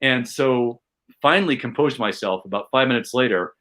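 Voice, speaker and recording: A man from Chicago, a comedian, telling a fan memory in casual chat with rising excitement and self-mocking asides. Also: mid-range voice, normal speed. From Chicago, USA. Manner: animated, builds tension, self-mocking. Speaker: podcast guest, comedian.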